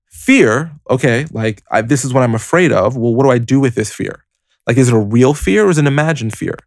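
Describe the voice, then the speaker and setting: A man with a medium-pitched voice hosts a motivational podcast, speaking briskly in a dry, studio-quality recording. He's lively and conversational, leaning heavily on "like" and "you know" as he talks straight to the listener and walks through things step by step.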